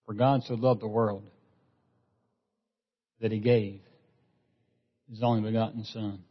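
A man's voice: on the low side, steady tone, unhurried. A man preaching a sermon as pastor, earnest, often repeating a word as he restarts a phrase. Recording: dull lo-fi sound with long hall reverb.

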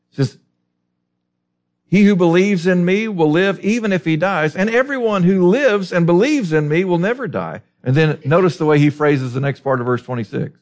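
A man's voice: a little high, normal speed. A man preaching a sermon, teaching through a Bible passage with emphatic rhetorical questions.

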